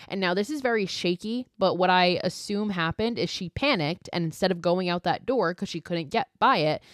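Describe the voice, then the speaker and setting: A woman podcast host recapping a horror movie in a casual, profane, animated storytelling style with frequent asides. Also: on the low side, dry recording, studio quality.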